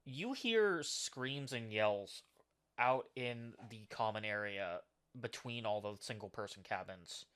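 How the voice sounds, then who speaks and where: A man's voice: fairly low pitch, animated, takes it slowly, a bit bright, smooth. A man narrating as game master of a tabletop game, describing scenes with frequent "uh" and "like.".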